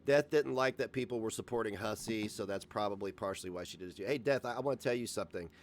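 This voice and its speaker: A man's voice: on the low side, quick pace, slight background noise. A man ranting on a livestream, profane, combative and sarcastic. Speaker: livestream host.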